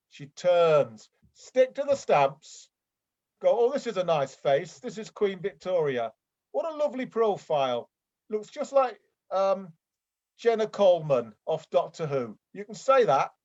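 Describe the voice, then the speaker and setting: A man playing a fussy stamp-club member in an improvised comedy scene, rambling and chiding, with excitable outbursts. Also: sits high, lo-fi sound. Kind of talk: improvised comedy scene over video call.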